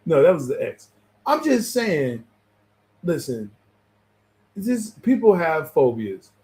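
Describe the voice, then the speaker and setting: Male co-host, slightly higher voice, blunt and teasing, quick to laugh, casual sports talk. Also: sing-song, warm tone.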